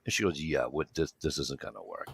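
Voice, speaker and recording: Deep gravelly New man. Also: brisk. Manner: animated storyteller acting out dialogue, swears freely. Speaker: show regular. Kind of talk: casual chat, storytelling.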